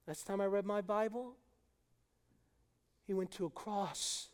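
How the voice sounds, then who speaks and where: A man's voice: high-pitched, unhurried, long pauses. A middle-aged male pastor preaching an emphatic, impassioned sermon to his congregation. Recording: long hall reverb.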